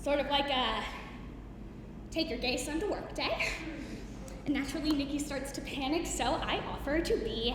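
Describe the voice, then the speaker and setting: High-voiced young woman in echoey recital hall. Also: lively intonation, normal speed, pauses often, background noise. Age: young adult. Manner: comic storytelling with bursts of laughter. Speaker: musical theatre student performer. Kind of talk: musical theatre recital monologue and song. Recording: echoey hall recorded from far off. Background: piano accompaniment.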